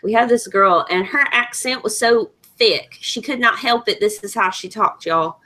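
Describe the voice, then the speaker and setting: Woman host, relaxed chatty storyteller who laughs a lot, heard over a video call. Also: mid-range voice, normal speed. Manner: lively storyteller, laughs often. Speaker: livestream host. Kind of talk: casual chat.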